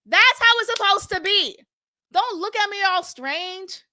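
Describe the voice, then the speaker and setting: A young adult woman hosting a casual, animated recap of a reality show, acting out quotes and laughing often. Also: very high voice, unhurried.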